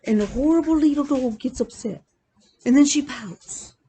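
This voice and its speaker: Woman, cross-stitch vlogger, casual chat, animated storyteller, fry in the voice. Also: high-pitched, moderate pace, a little hiss or hum. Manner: chatty, animated storytelling with laughs.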